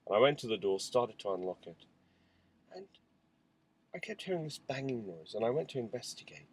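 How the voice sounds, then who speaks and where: Father, video diary, candid rambling storyteller, plain mid-pitched voice. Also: very animated, brisk, slight background noise, poor audio. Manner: frank, rambling storytelling with fillers and asides. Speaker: father recounting family life. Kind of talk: candid spoken diary monologue.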